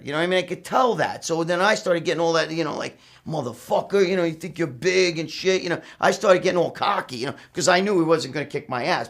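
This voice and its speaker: This storyteller from New York has a husky, high voice and curses nonstop. His casual storytelling rambles along, animated and profane.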